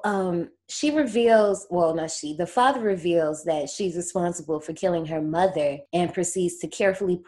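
Brief: a lively woman host recapping a film, slangy, a touch low-pitched. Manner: animated, laughing often, slangy storytelling. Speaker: podcast host recapping a horror movie. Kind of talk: casual chat.

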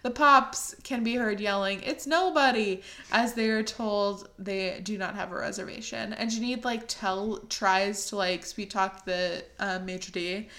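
A woman's voice: mid-range voice, fairly even intonation, unhurried, hardly any pauses, fairly bright tone. A young woman co-hosting a casual podcast, recapping a movie in a chatty way with lots of fillers. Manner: chatty, fillers like "like" and "um", laughs often. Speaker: podcast co-host.

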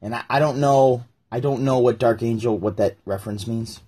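A man's voice: mid-range voice, normal speed, very noisy. A man giving rambling, sarcastic commentary while reacting to a video and reading aloud. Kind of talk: casual commentary vlog.

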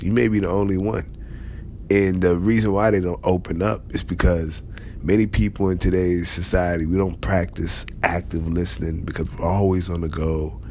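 A man's voice: deep voice, a little mellow, slight background noise. A man giving a conversational motivational talk to leaders, emphatic and repeating key phrases. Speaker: motivational speaker.

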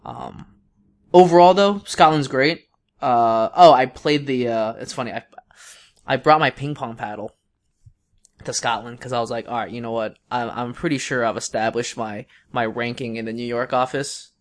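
A man's voice: medium pitch, moderate pace. A young man co-hosting a podcast, telling a long story in a casual, rambling way with many fillers and restarts. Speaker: podcast co-host.

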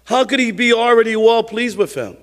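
Preacher guy, fairly high voice, chatty sermon, echoey church hall. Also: fairly quick, a bit bright. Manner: conversational preaching, rhetorical questions, repeats key phrases. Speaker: pastor.

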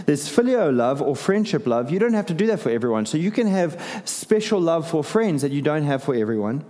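A middle-aged male pastor preaching in an easygoing, conversational way, with animated turns and wry asides. His voice is mellow and sits a little high. The sound rings with a long hall reverb. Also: brisk. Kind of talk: sermon.

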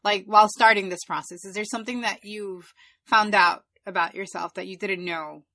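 Female host, middle-aged, relaxed casual chat, dry close mic. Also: mid-range voice, moderate pace, no room sound. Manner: relaxed, reflective, with fillers. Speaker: podcast host.

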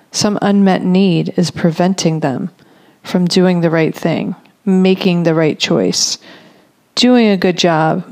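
Slow, deliberate woman on parenting. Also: fairly low pitch, darkish tone. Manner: slow, deliberate, repeating phrases for emphasis. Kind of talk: reflective parenting talk.

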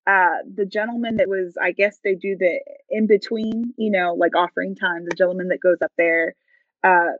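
A woman's voice: lowish voice, fairly even intonation, normal speed, dull audio. Earnest woman sharing a testimony. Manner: emotional storytelling, acts out quoted voices. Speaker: podcast guest. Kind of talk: personal faith testimony.

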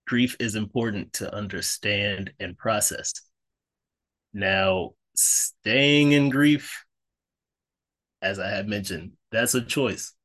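A man's voice: fairly low pitch, fairly even intonation, slow pace, sharp tone. A man co-hosting a podcast in a casual, earnest way, encouraging listeners with faith-driven talk and many fillers and self-corrections. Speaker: podcast co-host.

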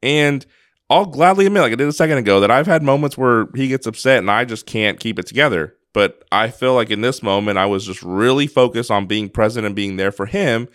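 A man's voice: mid-range voice, a little fast, fairly bright tone, dry recording, clean studio sound. A man co-hosting a podcast, telling a personal story in an earnest, casual way, often restarting his sentences. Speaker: podcast co-host.

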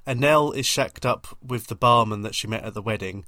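A man co-hosting a podcast, recapping a film in a dry, gently mocking way. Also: medium pitch, brisk, dry recording. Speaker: podcast co-host.

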